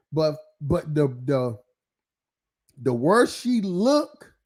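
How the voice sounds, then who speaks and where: Stream host, male, high-pitched, loose profane ranting monologue, laughs a lot, heavy filler. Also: darkish tone.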